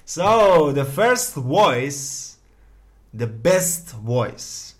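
Slow-spoken encouraging man, group leader. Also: mid-range voice. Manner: encouraging, repetitive, many fillers. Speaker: English learning group leader. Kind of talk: spoken feedback to a learner.

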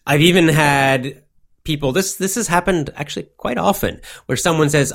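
A man giving a motivational English lesson, speaking slowly in simple words and repeating himself often. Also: a little high, animated, a bit bright. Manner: slow, simple wording with many repetitions. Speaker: English teacher.

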